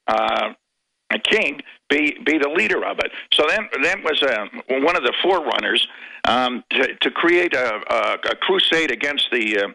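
An older man calling in to a radio show, rambling in a halting way, full of pauses and restarts. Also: medium pitch, sharp tone, low-quality recording. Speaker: caller.

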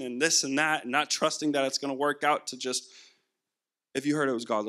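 A man's voice: medium pitch, fairly quick, pushed and bright. A young man preaching a sermon, telling a personal story and acting out the dialogue himself. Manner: storytelling, acts out quoted dialogue. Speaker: guest preacher.

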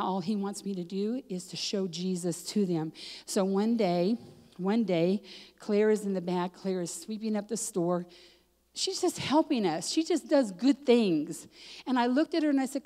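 Emphatic woman preaching in a reverberant church. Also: on the high side. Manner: emphatic, swings between loud declarations and hushed retelling. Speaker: guest preacher, coffee shop owner. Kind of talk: storytelling sermon. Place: church sanctuary. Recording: long hall reverb.

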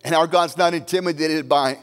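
A man's voice: a little high, steady tone, a little fast, fairly bright tone, big-room sound. A male pastor delivering a sermon, emphatic and full of repeated declarations. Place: church sanctuary.

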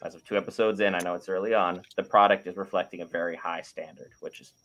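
A man co-hosting a casual review chat and giving his views in a measured, analytical way. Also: low voice, fairly even intonation, over a noisy crowd. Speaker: podcast co-host.

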